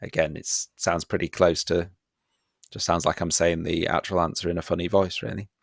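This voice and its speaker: A man's voice: low-pitched, little pitch movement, normal speed, vocal fry, no room sound, clean studio sound. A man teaching a live online history revision session, playful and self-mocking as he runs a quiz.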